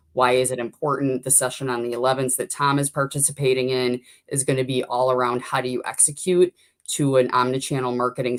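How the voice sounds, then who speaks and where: A woman guest on a business webcast, explaining her sessions in an upbeat, fluent way. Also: rumbling low. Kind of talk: casual webcast chat.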